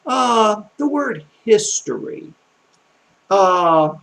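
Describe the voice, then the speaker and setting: A middle-aged man from the Southern United States, speaking with a Southern accent, tutors a language in a rambling, folksy style with many fillers and restarts. His high-sitting, slightly bright voice is very animated, with drawn-out words and vocal fry, on a low-quality recording.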